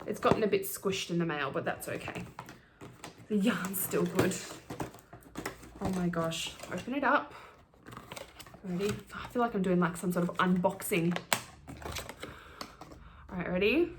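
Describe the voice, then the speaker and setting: A middle-aged woman hosting her knitting podcast, chatting quickly and gushing as she unboxes yarn. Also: medium pitch, lively intonation, a bit bright, slight background noise. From Australia. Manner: gushing, fast-talking, giddy. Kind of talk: casual chat, yarn unboxing.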